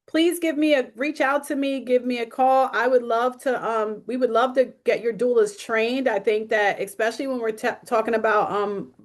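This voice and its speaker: A woman's voice: on the high side, moderate pace, few pauses. A woman social worker speaking as a guest on a video call, telling stories with humor and a frank, realistic manner. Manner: lively storytelling with acted quotes. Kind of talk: webinar talk.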